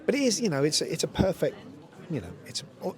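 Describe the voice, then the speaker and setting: A man's voice: fairly high pitch, very animated, fast talker, darkish tone. A man in his fifties, a lead actor chatting casually in an interview, rambling and full of "you know" and laughter. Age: 50s. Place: busy event venue at a screening.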